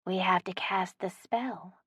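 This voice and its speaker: A woman's voice: on the low side, steady tone, slow pace, a bit bright, slightly rough, no room sound, studio quality, heavily acted. A woman voicing a sly older herbalist woman who talks in a sing-song way.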